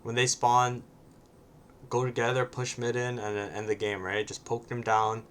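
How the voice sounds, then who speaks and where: A man's voice: mid-range voice, little pitch movement, moderate pace, a bit bright, a little hiss or hum. A man casually commenting on his own match, often ending points with a questioning "right?" and sometimes swearing bluntly.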